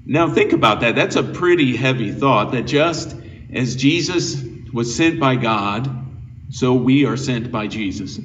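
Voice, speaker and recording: Male pastor, earnest conversational sermon, mid pitch; distant, muffled recording. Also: expressive, a little slow, a bit bright. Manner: earnest, conversational, with frequent restarts. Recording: dull, lo-fi sound from a distant mic with faint noise.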